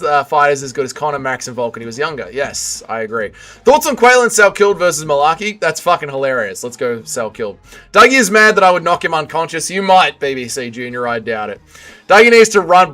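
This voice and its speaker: A man's voice: a little high, expressive, moderate pace, a bit bright, faint music behind. A young man hosting a casual livestream, reading chat aloud, swearing often and swinging between heated rants and mumbled apologies.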